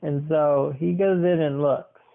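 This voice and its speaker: A man's voice: a little high, steady tone, unhurried, creaky. A man hosting a podcast, narrating a role-play scenario and asking questions in a coaxing way. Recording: tinny phone-like sound.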